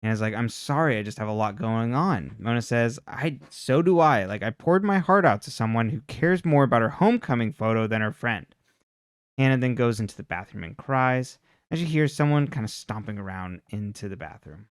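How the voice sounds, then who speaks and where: A man co-hosting a podcast, casually retelling a TV episode in a rambling way, full of fillers and quick quoted lines. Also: medium pitch, expressive, clear, resonant tone, no echo, studio quality. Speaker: podcast co-host recapping a TV episode. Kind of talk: casual recap chat.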